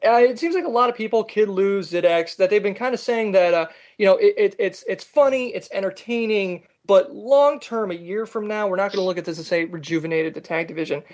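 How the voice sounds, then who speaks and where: A man's voice: sits high, brisk, hardly any pauses. A man hosting a casual wrestling podcast, reading out listener comments with lots of "uh" fillers. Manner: animated, lots of fillers, reads comments aloud.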